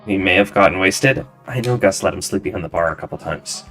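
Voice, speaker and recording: A man reading as a soft-spoken grieving barkeep woman. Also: deep voice, a little fast, faint music behind, pitched below the performer's own voice. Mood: sympathetic.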